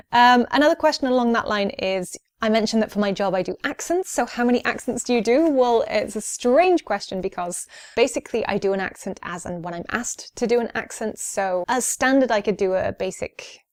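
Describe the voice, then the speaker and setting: A woman's voice: mid-range voice, dry recording, studio quality. A young woman from Wales, answering viewer questions in a casual vlog at home, chatty with frequent ums. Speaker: YouTuber. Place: her home.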